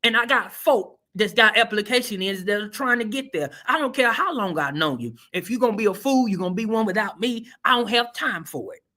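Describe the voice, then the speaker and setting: A man's voice: sits high, lively intonation, fairly quick, few pauses, bright, forceful tone. Folksy, emphatic male preacher. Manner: emphatic preaching cadence with repeated refrains; folksy, colloquial and direct. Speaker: host and preacher. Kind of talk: sermon-style motivational talk.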